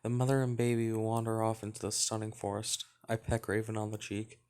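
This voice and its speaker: A man hosting a let's play, reading a visual novel's narration aloud in an even, relaxed way with light asides. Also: on the low side, a little fast, few pauses, clear, resonant tone.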